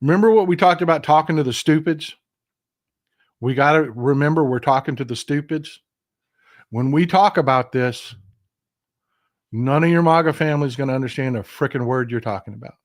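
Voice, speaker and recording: Middle-aged man from Texas, livestream politics host, slightly high voice, emphatic and fired up, addressing viewers directly. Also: brisk, pauses often. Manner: impassioned, emphatic, talks straight to viewers. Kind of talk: casual livestream commentary.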